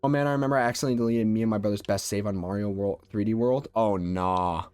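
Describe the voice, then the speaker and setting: A man's voice: fairly low pitch, steady tone, rapid-fire, darkish tone, smooth, dry recording. A young adult man streaming a video game, chatting casually and rambling through a childhood story with lots of filler words. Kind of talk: casual storytelling while gaming.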